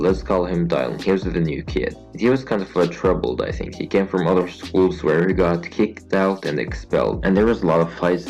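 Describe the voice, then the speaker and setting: A young man hosting a podcast, telling a personal story in a rambling, blunt way with crude slang. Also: deep voice. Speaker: podcast host. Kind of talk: casual storytelling monologue. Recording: dull lo-fi sound with faint background music. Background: soft lo-fi beats.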